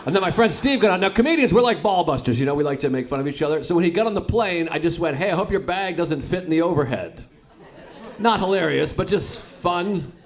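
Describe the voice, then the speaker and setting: A man's voice: high voice, lively intonation, fast. A man doing a stand-up comedy set, telling wry stories with laughter breaking in. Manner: wry storytelling punctuated by audience laughter. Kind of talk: stand-up set played as a clip.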